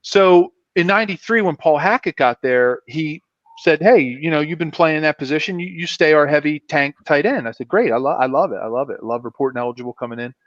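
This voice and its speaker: A man, a former football player, tells stories on a fan show with a fairly high voice, acting out everyone he quotes. The sound is dry and dull, with no room at all. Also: a little fast, dry recording. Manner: animated, acts out voices in his stories. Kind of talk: casual storytelling on a fan show.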